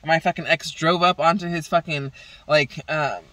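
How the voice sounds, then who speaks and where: A woman's voice: low voice, steady tone, normal speed, a bit bright, dry recording, far from the mic, poor audio. A woman venting in a casual vlog, rambling and swearing heavily in an exasperated way. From Southern California. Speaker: vlogger.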